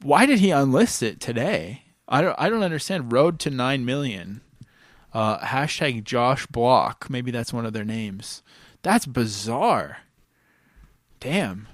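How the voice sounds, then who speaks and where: A man's voice: medium pitch, sing-song, slow pace, no echo. A man hosting a podcast in casual chat, wry and amused. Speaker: podcast host.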